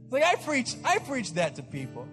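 A high-voiced man preaching with fervor, his repeated refrains ringing out into the long reverb of a big hall. Soft guitar plays underneath, and now and then he builds to a shout. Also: wildly swooping pitch, normal speed. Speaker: pastor. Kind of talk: sermon.

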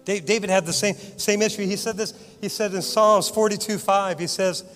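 A man's voice: high-pitched, fairly even intonation, normal speed, hardly any pauses. Preaching man in an echoey church. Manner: swings from loud exhortation to soft prayer. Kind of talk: sermon with prayer. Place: church sanctuary. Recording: church hall reverb with guitar music.

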